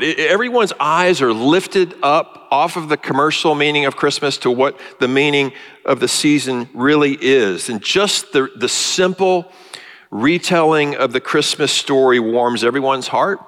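A male pastor preaching a sermon in a church, earnest and halting, with many fillers. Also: medium pitch, a bit bright, big-room sound. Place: church sanctuary.

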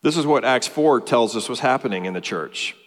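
A man's voice: mid-range voice, lively intonation, brisk, fairly bright tone. A man preaches a sermon as pastor, walking through a passage and building emphasis with rising lists. His voice sits in a middle range. A long hall reverb follows every phrase.

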